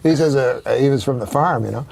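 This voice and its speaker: A middle-aged man, a comedian on a talk show, telling long rambling jokes in a halting, deadpan way full of hesitations. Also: medium pitch, creaky, slight background noise. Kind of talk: rambling joke storytelling.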